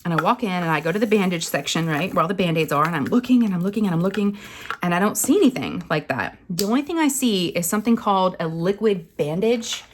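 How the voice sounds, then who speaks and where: A woman, rambling and animated as she tells a story to camera. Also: on the low side, fast, slight background noise. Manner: chatty, rambling, animated retelling with acted quotes. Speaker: craft channel host.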